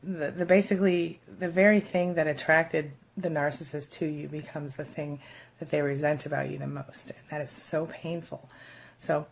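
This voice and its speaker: A woman's voice: low-pitched, steady tone, normal speed, creaky, a little hiss or hum. A woman hosting an advice vlog, talking casually and directly to her viewers with lots of fillers. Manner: chatty, speaks straight to viewers with many fillers. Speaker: vlog host giving relationship advice. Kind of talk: casual talk to camera.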